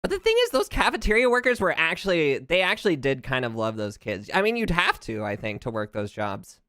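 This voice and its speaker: A streamer from the United States rants and jokes through casual gameplay chat. Pitch leaps up and down, and the voice stays smooth and clear. The sound is dry and close on a streaming mic. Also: brisk, no room sound. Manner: animated, jokey, ranting, laughs often. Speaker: VTuber streamer.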